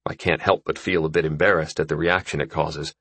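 A man narrating a first-person story in an expressive audiobook reading. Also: rumbling low, fairly quick, slightly rough, no room sound.

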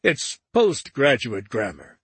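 A man voicing an easygoing young man who talks in a slow, unhurried drawl. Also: medium pitch, big pitch swings, fairly bright tone, breathy edge, no echo, full character voice. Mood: easy.

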